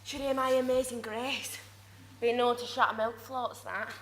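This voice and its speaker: A woman playing a soft-spoken troubled young woman. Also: fairly high pitch, flat delivery, moderate pace, slight background noise, lightly acted. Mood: coaxing. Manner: soft, coaxing, working-class speech. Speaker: drama student in a showcase scene. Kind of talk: hushed emotional monologue.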